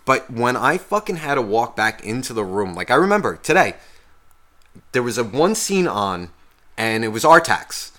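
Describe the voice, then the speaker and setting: A man's voice: medium pitch, big pitch swings, normal speed, fairly bright tone. A young man co-hosting a podcast, telling a long story in a heated, swearing casual rant. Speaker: podcast co-host.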